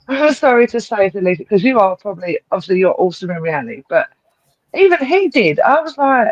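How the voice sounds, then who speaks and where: A woman co-hosts a wrestling podcast, blunt and swearing freely as she rants. Her pitch swings widely, and the recording is dry and slightly dull. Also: big pitch swings, fairly quick, dry recording. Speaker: podcast co-host. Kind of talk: casual wrestling review chat.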